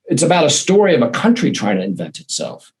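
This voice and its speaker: A man telling a personal anecdote in a lively, animated way, acting out the voices in his quotes. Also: medium pitch, fast talker, low-quality recording. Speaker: guest, storytelling consultant.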